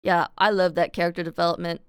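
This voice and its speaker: A woman's voice: lowish voice, level tone, quick pace, smooth, dry recording. A young adult woman live streaming, chatting candidly and confessionally to her viewers in slangy, casual talk on a close desk mic. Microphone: desk mic close to the mouth.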